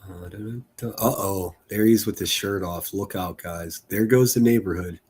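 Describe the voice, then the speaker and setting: A man's voice: sits low, moderate pace, darkish tone, breathy edge. A man hosting a live stream, making casual running commentary with crude jokes and frequent laughter. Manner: joking, laughs often, crude teasing humor.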